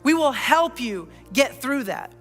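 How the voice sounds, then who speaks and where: A high, bright-voiced pastor delivers an earnest sermon full of personal asides and rhetorical questions. The voice rings out in a church hall with long reverb, and soft music plays underneath. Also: big pitch swings, a little slow. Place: church auditorium.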